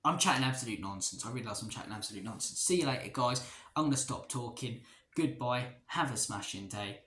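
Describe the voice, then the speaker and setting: A man's voice: on the low side, brisk, sharp tone. A man hosting a casual football match reaction, giving player ratings in a chatty, opinionated, rambling way. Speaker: football fan channel host. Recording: echoey room with faint noise.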